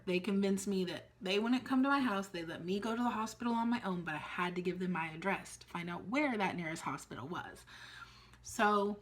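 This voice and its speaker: A middle-aged woman casually telling a personal story on a vlog, animatedly acting out each exchange. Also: lowish voice. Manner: animated retelling, acting out dialogue.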